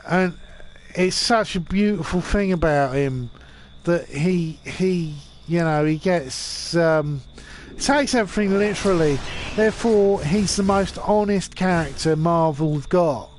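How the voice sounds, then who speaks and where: Drunk forties streamer, rambling and cursing, high voice, slow delivery. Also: male voice, slight background noise. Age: 40s. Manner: rambling and swearing. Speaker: game streamer. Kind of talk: rambling drunk commentary while gaming.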